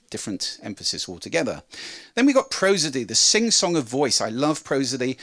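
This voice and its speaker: A man presenting a talk on how to speak, demonstrating with lively changes of pitch and volume. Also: brisk. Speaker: speaker on voice and communication.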